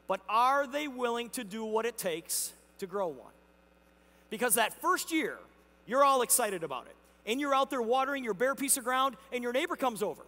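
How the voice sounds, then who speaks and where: A man in a large convention hall telling a motivational story as a company executive, acting out both sides of an exchange with a neighbor. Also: very high-pitched. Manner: energetic, acts out neighbor dialogue in the story. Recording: hall reverb.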